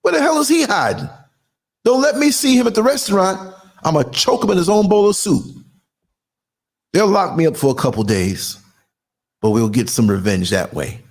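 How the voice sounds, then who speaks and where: This sixty-something American culture critic hosts his own podcast and launches into an indignant, fiery rant full of strong emphasis. His high voice swings widely in pitch at a moderate pace, broken by long pauses.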